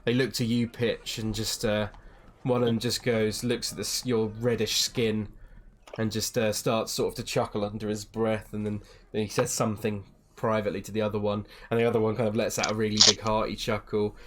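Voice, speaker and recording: A young man running a tabletop game as dungeon master, narrating scenes with frequent pauses and restarts. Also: fairly low pitch, level tone, slight background noise. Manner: hesitant, many ums and restarts, slips into character voices.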